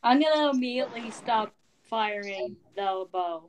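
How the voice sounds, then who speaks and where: A woman's voice: fairly high pitch, animated, normal speed. A young woman playing a tabletop game, talking casually and hesitantly with many ums and restarts. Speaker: player.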